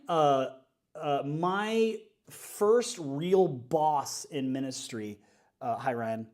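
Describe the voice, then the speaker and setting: A man, a worship leader, chatting casually and upbeat on a livestream while working things out aloud. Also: fairly high pitch.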